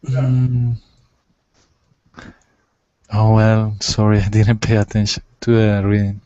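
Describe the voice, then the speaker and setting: A man's voice: fairly low pitch, level tone, takes it slowly, dark tone, no room sound, highs cut off. A male student in an online class, answering hesitantly. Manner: hesitant, unsure replies.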